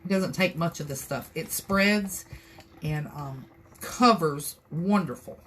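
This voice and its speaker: A woman's voice: sits low, slow pace, fairly bright tone, a little hiss or hum. A woman with a Southern US accent chatting her way through a live crafting tutorial, rambling and folksy as she talks to her viewers. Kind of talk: casual how-to chat.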